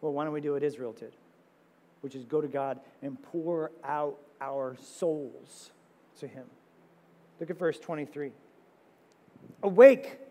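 A man preaching a sermon as pastor, animated, firing off rhetorical questions with sudden loud high exclamations. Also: measured pace, a little hiss or hum. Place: church sanctuary. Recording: long reverb of a church sanctuary.

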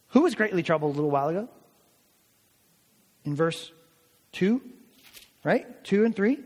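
A man's voice: fairly high pitch, big pitch swings, normal speed, pauses often, husky, big-room sound. A man preaching a sermon, earnest and building to emphatic declarations as he explains scripture. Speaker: pastor.

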